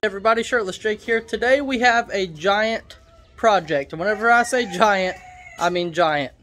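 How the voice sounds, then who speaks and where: A man's voice: sits high, moderate pace, a bit bright, faint music behind. Upbeat joking man vlogging a farm. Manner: upbeat, joking, repeats words for emphasis. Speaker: homestead vlogger. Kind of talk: casual farm vlog.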